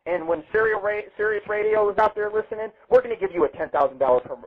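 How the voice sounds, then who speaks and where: A man's voice: high-pitched, lively intonation, quick pace, few pauses, husky. A man hosting a live internet radio show, brash, boastful and heavily profane, rambling between topics. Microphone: webcam setup. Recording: tinny lo-fi phone-like sound.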